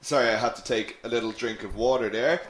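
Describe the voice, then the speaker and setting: A man teaching a live online English lesson, slow and patient, who repeats phrases and answers viewers' questions. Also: mid-range voice, background noise. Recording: echoey room.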